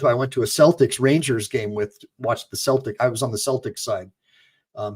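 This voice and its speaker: Chatty American attorney host, loose. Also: male voice, medium pitch. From United States. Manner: loose, chatty, swears and laughs. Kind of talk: reaction video commentary.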